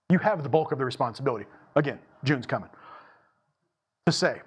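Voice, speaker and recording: A man preaching a sermon to his church, emphatic and repetitive, moving between slow, deliberate lines and quick bursts. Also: medium pitch, lively intonation, slightly rough. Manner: emphatic, repeats phrases for stress, shifts between slow and fast delivery. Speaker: pastor. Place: church sanctuary.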